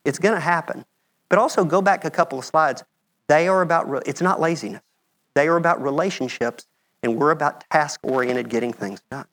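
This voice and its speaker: A man's voice: fairly high pitch, a little fast, a bit bright. A middle-aged American man giving a conversational talk with slides in a lecture room, often checking in with "okay?". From United States. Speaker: medical mission speaker.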